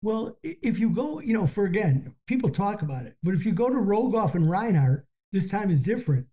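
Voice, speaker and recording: A podcast host in casual conversation, explaining a point in a measured way and citing references. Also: mid-range voice, big pitch swings, dark tone.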